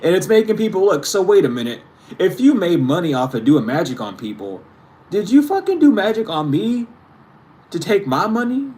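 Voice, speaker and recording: A man's voice: high-pitched, sing-song, moderate pace, darkish tone. Profane, emphatic man giving a reading. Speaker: tarot reader. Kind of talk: spiritual reading addressing viewers.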